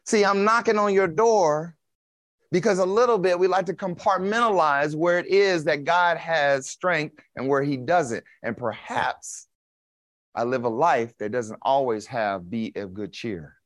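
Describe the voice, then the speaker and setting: A man's voice: on the high side, a bit bright, no echo. Folksy preacher man, dry sound. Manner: casual and folksy, with slang and chuckles. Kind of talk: conversational sermon.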